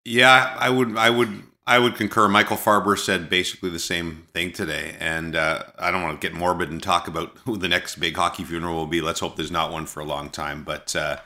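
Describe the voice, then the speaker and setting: Deep-voiced and brisk, this Canadian podcast host chats casually over a remote call with few pauses and fairly even intonation, his tone bright and forceful. His storytelling rambles with frequent restarts.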